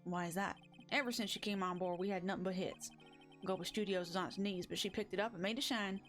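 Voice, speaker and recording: A woman voicing a timid older male stuntman actor with a halting, put-on southern drawl. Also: fairly low pitch, fairly bright tone, faint music behind. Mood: nervous.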